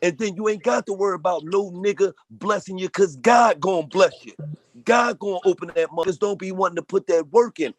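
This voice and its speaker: Man, blunt preachy rant, high voice, lots of cussing, dry phone line. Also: dry recording. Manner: preachy, blunt, heavy swearing. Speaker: speaker in a group audio call. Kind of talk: profane motivational rant. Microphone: phone on an audio call.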